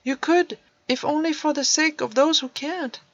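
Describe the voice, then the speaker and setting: A woman's voice: sits high, normal speed, no echo, pitched above the performer's own voice. A woman reading a storybook aloud, voicing a bitter teenage boy in a wheelchair who spits out accusing questions. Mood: pleading. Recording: dull dry recording.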